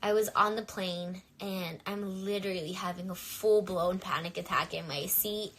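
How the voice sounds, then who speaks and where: A woman's voice: mid-range voice, steady tone, moderate pace, fairly bright tone. A young woman talking candidly to viewers on a phone livestream, chatty and full of fillers. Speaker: singer on a livestream. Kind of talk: casual livestream chat.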